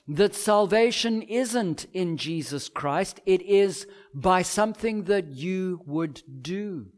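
A high-pitched man delivers a sermon at an unhurried, deliberate pace. He is emphatic and keeps asking rhetorical questions before answering them himself. He sounds like a preacher at the pulpit.

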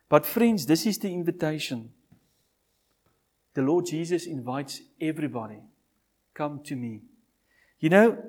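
Pleading older male preacher, slow delivery. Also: a little high. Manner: pleading, with big swings from loud to hushed; repeats phrases for emphasis. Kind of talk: sermon with altar call.

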